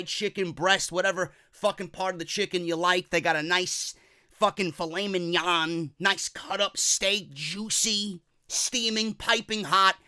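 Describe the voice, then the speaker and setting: A man's voice: high voice, pushed and bright, clear, resonant tone, no room sound, clean studio sound. A man hosting a wrestling podcast, ranting in a profane, rambling, comedic way. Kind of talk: comedic rant.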